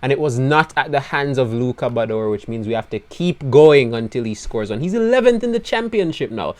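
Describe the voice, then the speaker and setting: A man commentating live on his own gameplay, his voice going hoarse as he swings between low despairing mutters and loud excited outbursts. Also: normal speed, hardly any pauses. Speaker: gaming video creator.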